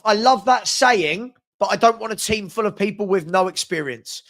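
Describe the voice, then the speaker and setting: Man, stuffy with a cold, teasing live-stream host, fairly high voice. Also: normal speed, fairly bright tone. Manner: chatty, playful, teasing, repeats himself. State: has a cold. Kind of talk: casual live-stream chat reading viewer comments.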